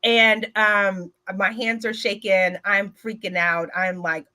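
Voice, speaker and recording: A woman speaking at a retreat who tells a personal story in an animated way, addressing the audience directly and using many filler words. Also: mid-range voice, slow pace, few pauses.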